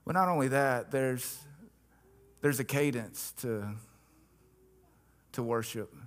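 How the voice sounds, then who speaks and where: A man's voice: mid-range voice, takes it slowly. Man preaching with rising emphatic swells. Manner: rhythmic chanted repetition. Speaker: pastor. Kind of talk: sermon.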